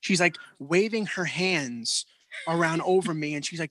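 A man co-hosting a podcast, telling a story in a profane, animated way. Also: a little high, moderate pace, no echo. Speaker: podcast co-host. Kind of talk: casual chat.

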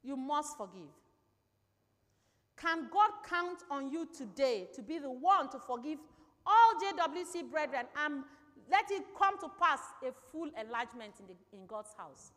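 A woman's voice: high-pitched, expressive, normal speed, a bit bright. A woman preaching a sermon emphatically, repeating key phrases and putting questions to the congregation. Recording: long reverb in a large hall.

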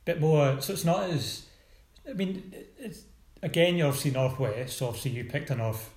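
A man's voice: a little high, expressive, moderate pace, darkish tone, roomy sound. A Scottish man hosting a casual podcast chat, rambling and teasing with many restarts. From Scotland.

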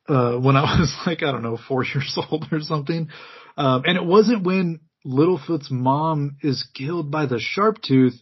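A man's voice: fairly high pitch, measured pace, breathy edge, dull audio. A man co-hosting a podcast in casual chat about a cartoon, rambling with many likes and laughs. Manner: rambling, laughing, filler-heavy. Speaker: podcast co-host.

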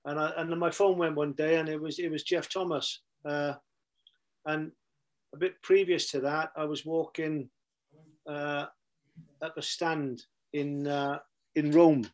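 His voice a little high and steady, a middle-aged man who once managed football teams speaks a little slowly, with long pauses. In casual podcast storytelling as a guest, he recounts blunt football tales and repeats himself.

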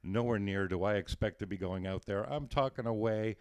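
Man, podcast host, low voice, self-mocking anecdote, chuckling, dry close mic. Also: brisk, a little mellow, clear, resonant tone, dry recording. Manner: self-deprecating, laughs through his own story. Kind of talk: casual storytelling chat.

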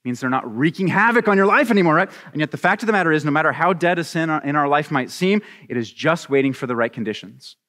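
A man preaching a sermon as a pastor, animated and acting out little scenes with voices. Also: fairly high pitch, quick pace, few pauses, big-room sound.

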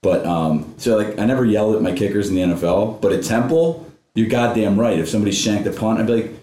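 A man's voice: lowish voice, fast talker, dark tone, roomy sound. A man, a former football player co-hosting a podcast, telling profane stories with a laugh. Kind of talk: casual chat.

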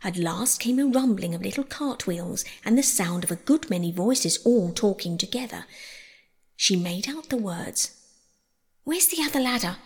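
A woman reading a storybook aloud in an expressive way, acting out each character. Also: mid-range voice, normal speed, breathy edge, big-room sound. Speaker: audiobook reader. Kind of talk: storybook narration.

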